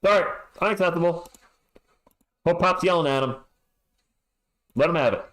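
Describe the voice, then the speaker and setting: A man's voice: fairly high pitch, moderate pace, fairly bright tone, rough recording. A man hosting a fan livestream, reading halftime stats and chat messages with frustrated, sarcastic commentary.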